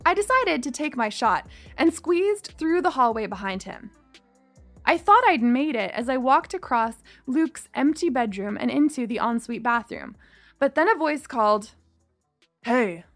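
A woman's voice: high voice, lively intonation, a little slow, a bit bright, dry recording, faint music behind. A woman reading a first-person story aloud, acting out the dialogue. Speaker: narrator.

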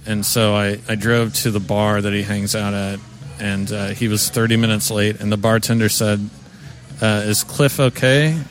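A man's voice: lowish voice, monotone, normal speed. A man co-hosting a podcast, telling a story in laid-back casual chat with crude asides. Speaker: podcast co-host.

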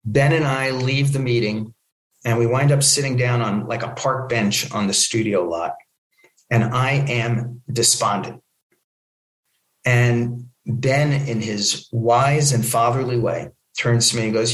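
A man telling a long anecdote in an interview and acting out the people in it with lively quoted voices. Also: mid-range voice, unhurried, reverberant, low-quality recording. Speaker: guest, film producer. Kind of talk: storytelling in an interview.

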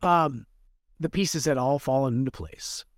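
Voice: unhurried, no room sound, clean studio sound. A podcast co-host recapping a book in a playful, jokey way. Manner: playful, jokey, swoops in pitch. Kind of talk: casual book podcast chat.

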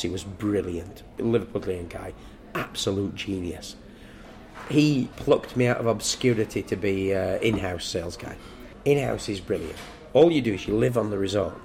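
A man's voice: lowish voice, a little mellow, slight background noise. An older man telling stories in casual podcast chat, crude, profane and joking. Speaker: guest storyteller.

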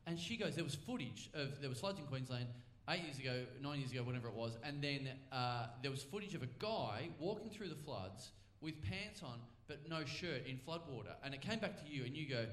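A man's voice: mid-range voice, lively intonation, a little fast, fairly bright tone. A man telling a comedic story live on stage, acting out both sides of the talk and swearing freely. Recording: echoey live theater stage.

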